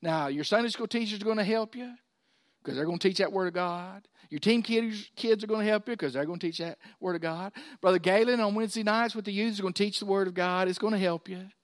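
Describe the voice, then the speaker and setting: A man's voice: sits high, fast talker, no echo, studio quality. A middle-aged man, preaching a sermon in a folksy, conversational way with asides to his congregation. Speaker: pastor.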